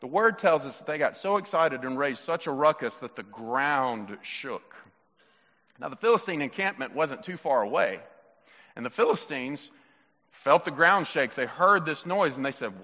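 Animated preaching man, echoey hall. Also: on the high side, a little fast, dull audio. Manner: animated, emphatic, conversational. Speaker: pastor. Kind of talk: sermon.

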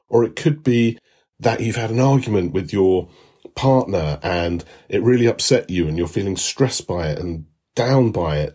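Calm, husky-voiced male instructor. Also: fairly low pitch. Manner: calm, reassuring, repeats soothing phrases. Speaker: course instructor. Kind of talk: recorded lesson narration.

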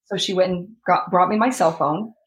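Woman recounting an ordeal, low voice. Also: normal speed, slight background noise, rough recording. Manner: animated, reenacts her own past words. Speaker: interview guest. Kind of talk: emotional personal story.

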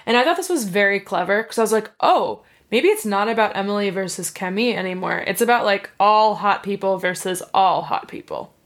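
A woman's voice: medium pitch, lively intonation, fairly quick, hardly any pauses. A woman in casual chat, recapping plot points in a chatty way and laughing often. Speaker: podcast co-host.

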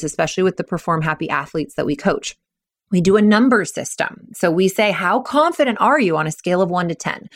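A woman hosting a podcast as a mental performance coach, explaining with energy and acting out kids' and coaches' voices in quick quoted asides. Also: mid-range voice. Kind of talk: solo podcast talk.

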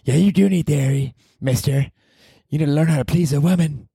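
Man putting on a shrill teasing girlfriend, mocking and high, lightly distant. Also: fairly quick, creaky, dark tone, slightly rough, no echo, clean studio sound, full character voice. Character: teasing woman scolding her boyfriend.

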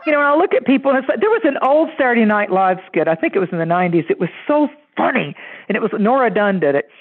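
A man with a high-pitched voice chats loosely and tells stories, slipping into the voices of people he quotes. His voice comes through a thin, narrow line, as if over a phone. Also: very fast. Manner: animated, acts out quoted voices. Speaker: podcast guest. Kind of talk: casual storytelling chat.

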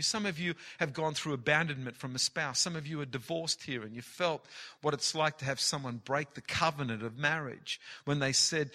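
A man's voice: medium pitch, sharp tone. A man preaching a sermon with passion, repeating key phrases for emphasis. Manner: impassioned, heavy repetition for emphasis. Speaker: pastor.

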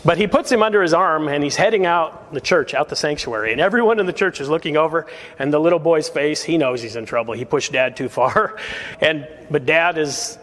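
Pastor exhorting in a reverberant sanctuary. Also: male voice, on the high side, a bit bright. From United States. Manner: earnest, exhorting, with quick chuckles. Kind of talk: sermon. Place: church sanctuary.

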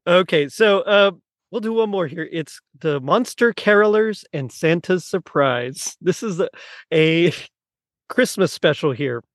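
A man's voice: sits high, lively intonation, a little slow, no echo, studio quality. A man hosting a podcast, reading a skit script aloud and giggling through it. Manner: giggly, breaking into laughter while reading. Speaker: podcast host.

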